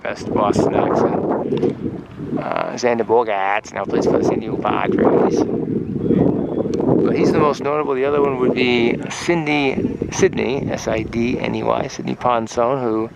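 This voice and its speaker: Gravelly man vlogging from a windy ballpark. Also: medium pitch, measured pace. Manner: chatty, joking asides. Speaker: sports travel vlogger. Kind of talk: casual play-by-play vlog commentary. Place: outdoor ballpark on a windy day. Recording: dull lo-fi camera audio with loud wind noise.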